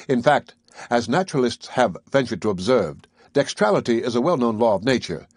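A man reading a classic novel aloud in a measured first-person storytelling manner. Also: medium pitch, husky, dry recording, clean studio sound. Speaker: audiobook narrator. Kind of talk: scripted audiobook narration.

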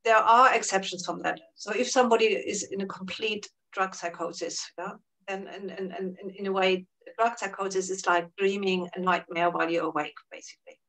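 Woman, therapist-teacher, calm explainer, medium pitch, slightly off-mic. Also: brisk, recorded from a distance, low-quality recording. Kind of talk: interview answers.

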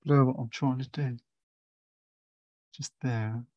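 A man's voice: medium pitch, steady tone, takes it slowly, darkish tone, no echo, dull audio. A man giving a casual watercolour painting demonstration, chatty and rambling as he thinks aloud. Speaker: watercolour tutor.

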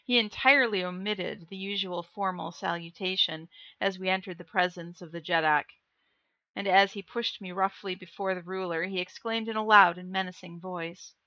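Bright-voiced woman reading to stream chat. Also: fairly low pitch, steady tone, moderate pace, no room sound, lo-fi sound. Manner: jokey, chatty asides to chat. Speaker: livestream book reader. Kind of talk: reading a novel aloud with chat asides.

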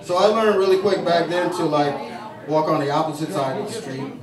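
Fairly quick and a little high, a man performs stand-up before a saloon audience, stumbling through stories with fillers and restarts. It was captured from a distance in an echoey bar, with the crowd's laughter audible.

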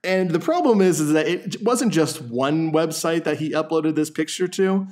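A man's voice: on the high side, animated, moderate pace, a little mellow. Wry joking podcast host, man. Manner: wry storyteller, laughs often. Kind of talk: casual comedic chat.

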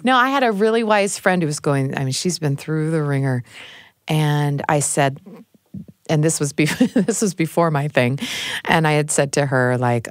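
A woman's voice: low-pitched, normal speed, no room sound. Middle-aged woman host, candid and dry-voiced. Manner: candid, laughs often, acts out quoted lines. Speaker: talk show host. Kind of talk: casual chat.

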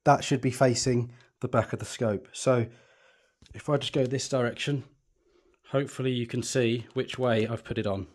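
Steady in tone and moderate in pace, this man speaks with a darkish, medium-pitched voice. In a hands-on telescope setup tutorial he explains each step as he works, chatty and reassuring, often thinking aloud.

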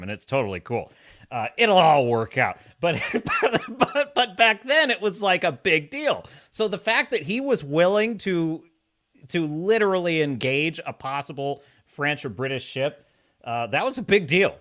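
A man hosting a live-streamed podcast, reading viewer comments in a jokey, animated way and laughing often. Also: high voice. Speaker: podcast host.

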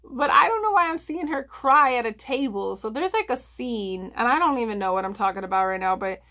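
A woman's voice: fairly high pitch, expressive, fairly quick, sharp tone. A woman giving a casual tarot reading to viewers, rambling with lots of fillers, restarts and "I feel like.". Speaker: tarot reader.

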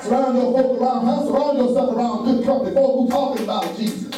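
A man's voice: very high-pitched, quick pace. A man preaching a sermon as pastor, with call-and-response rhythm, repeated phrases, frequent "huh?" and half-sung lines. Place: church sanctuary. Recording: very echoey church from far off, faint music.

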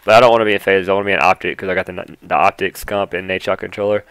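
A young man with a Southern country accent, gushing over a controller unboxing, flipping between hushed awe and loud excitement. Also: fairly low pitch, fast talker, hardly any pauses, dry recording, rough recording. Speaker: YouTuber.

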